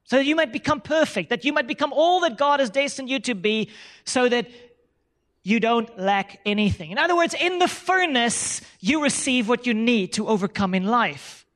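A man's voice: extremely high pitch, lively intonation, moderate pace, a bit bright. A male pastor preaching a sermon, emphatic, repeating phrases and calling the congregation to say lines back with him.

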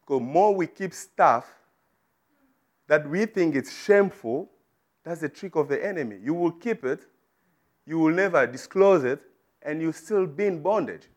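A man's voice: a little high, lively intonation, a little slow, pauses often. Emphatic man preaching a sermon. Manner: emphatic, rising to loud declarations.

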